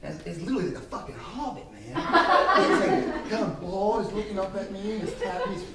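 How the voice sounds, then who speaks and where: Speaking fast in a high-pitched, expressive, creaky voice, a man delivers a motivational talk as an invited speaker, his stories blunt, emphatic and full of profanity. The distant mic gives a roomy sound with faint background noise.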